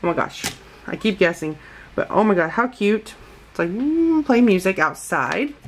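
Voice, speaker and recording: A woman's voice: mid-range voice, big pitch swings, moderate pace, slight background noise. A woman vlogger from the United States chatting casually through a toy unboxing, gushing and calling her viewers guys.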